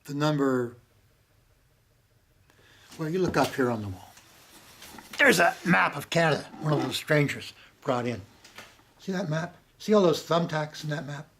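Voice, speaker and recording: A man talking casually to camera at home, impassioned and profane, swinging from loud bursts to hushed whispers. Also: on the high side, expressive, a little slow, long pauses, slight background noise. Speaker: monologuing about strangers and religion. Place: home with maps on the wall. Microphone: handheld camera.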